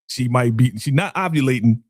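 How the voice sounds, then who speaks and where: A man hosting a casual TV recap chat, animated and laughing often, acting out the characters' dialogue. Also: medium pitch, fairly quick, dry recording, clean studio sound. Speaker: podcast host.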